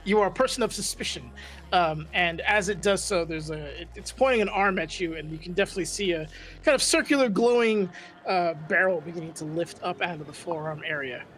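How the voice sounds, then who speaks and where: A man's voice: high-pitched, fairly quick, a bit bright, faint music behind. Hesitant man narrating a tabletop game. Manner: hesitant, many ums and restarts. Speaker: dungeon master.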